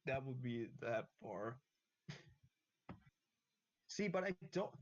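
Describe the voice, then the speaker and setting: A man's voice: mid-range voice, lively intonation, slow pace, highs cut off. A man playing a tabletop game with friends, thinking aloud and counting out his moves. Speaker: player. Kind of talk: casual tabletop game chat.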